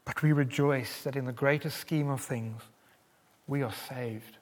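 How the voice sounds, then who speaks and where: A man preaching a sermon in an earnest, emphatic way, pressing on key words and letting others fall soft. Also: medium pitch, fairly even intonation, unhurried, long reverb tail. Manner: earnest, emphatic, with wide swings in loudness.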